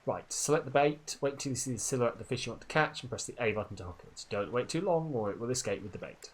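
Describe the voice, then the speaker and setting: A man's voice: medium pitch, expressive, fast talker, few pauses, faint music behind. Joking male game streamer. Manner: joking, reads game text aloud. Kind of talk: casual gameplay commentary.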